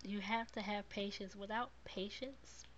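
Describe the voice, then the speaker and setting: Slow-talking encouraging woman podcast host. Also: medium pitch, fairly even intonation, muffled recording, a little hiss or hum. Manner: warm, repetitive encouragement, reads viewer comments. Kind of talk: live-streamed casual talk to viewers.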